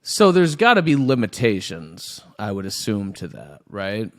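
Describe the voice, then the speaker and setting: A male host asks his guest follow-up questions and drops in friendly asides. His voice sits somewhat low and sounds conversational. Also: sing-song, a little slow. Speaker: podcast host. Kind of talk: interview conversation.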